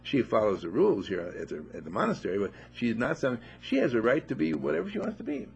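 A man giving an informal spiritual talk to a small group at a monastery, animated and playful, full of rhetorical questions. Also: mid-range voice, fast talker, gravelly. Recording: dull lo-fi recording.

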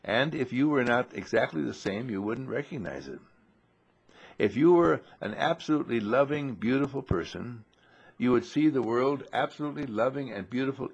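A man's voice: medium pitch, breathy edge. A man giving a rambling spiritual monologue full of little acted stories, laughing often as he talks. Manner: rambling, warm-humored, laughs often, restarts. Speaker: inspirational speaker.

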